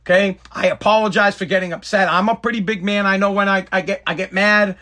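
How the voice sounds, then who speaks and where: A man with a high-pitched voice hosts a casual podcast. He rants in an exasperated, emphatic way and keeps hammering the same complaint over and over. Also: steady tone, fast talker, few pauses, sharp tone. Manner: exasperated, emphatic, repetitive ranting. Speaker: podcast host.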